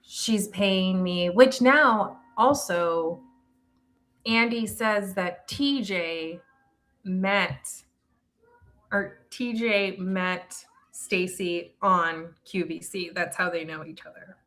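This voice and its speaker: A middle-aged woman recaps reality TV on a podcast in a relaxed, gossipy ramble. She loops back, restarts her sentences and piles on asides. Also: lowish voice, extremely slow. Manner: chatty, gossipy, trails off and restarts. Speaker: podcast co-host. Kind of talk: casual reality-TV recap chat.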